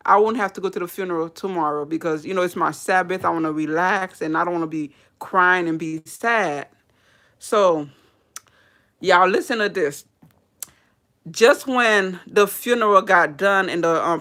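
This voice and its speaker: A woman's voice: lowish voice, fairly bright tone. A woman hairdresser telling a personal story in a casual, candid way to a live audience, laughing and swearing as she goes.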